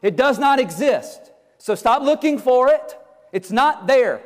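A high-pitched male pastor delivering a fervent sermon, urging his listeners on with insistent exhortations. He often restarts phrases as he drives his point home. His voice carries a long, ringing hall reverb. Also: animated, measured pace. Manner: fervent, exhorting, with repeated starts.

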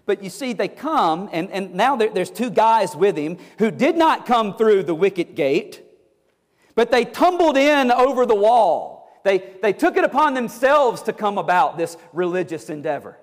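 Male pastor, sermon, fervent, exhorting, high voice, long hall reverb. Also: very animated, normal speed. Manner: fervent, exhorting, with repeated starts.

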